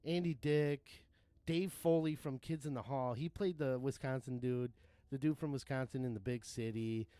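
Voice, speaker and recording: A man's voice: medium pitch, steady tone, moderate pace, warm tone, clear, resonant tone, no echo. Profane rambling man streaming a game. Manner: rambling, profane, laughs often. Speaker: livestream gamer. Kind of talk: casual gaming commentary.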